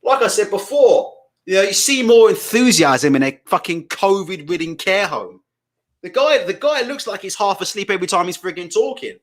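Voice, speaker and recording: A loud man hosts a boxing live stream, reading out comments and ranting in a deliberately amped-up, profane way. His voice sits high for a man and leaps all over the place as he vents. He keeps the energy pushed up throughout. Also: very animated. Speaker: boxing channel host.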